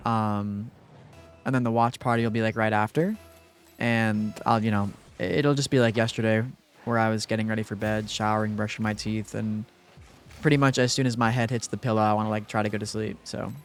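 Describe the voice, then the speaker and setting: Smooth-voiced young male streamer. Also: on the low side, fairly even intonation, fairly quick, soft background music. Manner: rambling, filler-heavy, thanks viewers. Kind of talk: casual live-stream chat.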